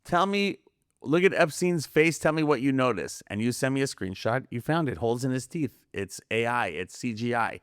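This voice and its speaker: A man rambles through stories on a podcast, jumping between tangents and mimicking the people he quotes. His pitch sits in the middle range. The recording is close and dry. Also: fairly quick, hardly any pauses, no room sound. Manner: rambling, animated, acts out quoted voices. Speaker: podcast guest. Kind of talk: casual conspiracy podcast chat.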